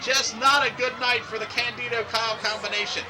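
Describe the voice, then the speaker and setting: A man with a high, light voice calls old wrestling footage play-by-play as the show's host. He gets excited and shouts on the big moves, then wanders off into loose, rambling asides. A clear layer of background noise runs under the recording. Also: fairly quick, a crowd in the background. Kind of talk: play-by-play commentary over old match footage.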